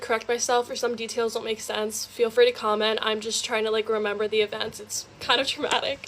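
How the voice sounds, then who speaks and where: A woman's voice: a little high, a bit bright, slight background noise. A young woman in her student years telling a personal storytime, rambling with lots of fillers. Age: young adult. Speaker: TikTok storyteller. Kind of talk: casual storytime confession.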